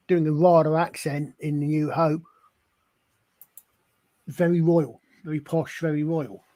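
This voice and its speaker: A man's voice: fairly high pitch, darkish tone. A man hosting a casual live-stream discussion, rambling with many restarts and fillers. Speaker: stream host.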